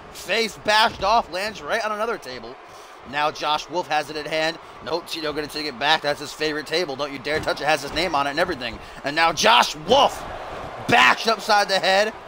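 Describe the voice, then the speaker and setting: A man's voice: fairly high pitch, a little fast, noisy background. A man streaming live, doing playful mock-broadcast play-by-play commentary on a wrestling video game, with the odd swear.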